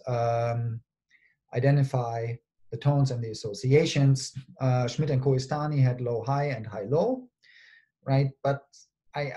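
Male conference presenter, warm low-key tone, methodical lecture delivery, checks in with the audience often. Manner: explains step by step with frequent tag questions like "right?"; hesitant, with frequent pauses and fillers.

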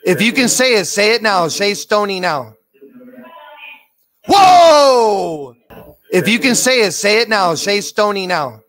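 A man's voice: high-pitched, moderate pace, hardly any pauses. A man doing a paranormal spirit box session, calling out questions to spirits and reporting what the apps say. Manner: hushed questions to spirits, bursts of excited shouting. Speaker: paranormal investigator.

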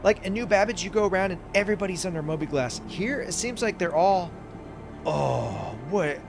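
A man giving excited, chatty commentary while playing a space game, reacting aloud to everything he sees. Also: sits high, moderate pace, gravelly, noisy background. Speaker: gaming YouTuber. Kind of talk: casual gameplay commentary. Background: game music.

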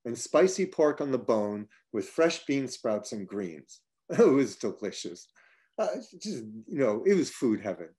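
A man reading his own personal travel essay aloud, measured and slowing through long lists, breaking off now and then for casual asides. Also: mid-range voice, darkish tone. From United States (upstate New York).

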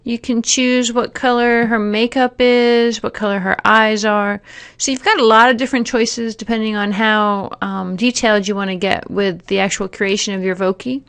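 A woman narrating a software tutorial, explaining each step plainly with occasional fillers. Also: medium pitch, fairly even intonation, moderate pace, smooth. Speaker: teacher giving a software tutorial. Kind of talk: screen-recorded tutorial narration.

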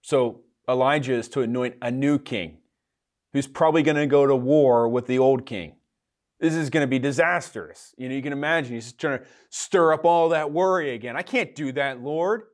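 A man preaching a conversational sermon to young adults, animated and informal, full of casual asides. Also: medium pitch, normal speed. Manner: animated, casual, frequent "you know, like" asides. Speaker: pastor. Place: online livestream for young adults.

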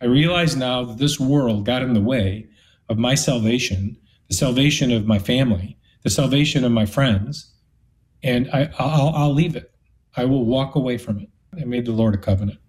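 A man's voice: medium pitch, moderate pace, darkish tone, poor audio. Earnest middle-aged man telling his story. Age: 50s. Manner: earnest storyteller, acts out quoted dialogue. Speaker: interview guest. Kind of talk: personal testimony in an interview.

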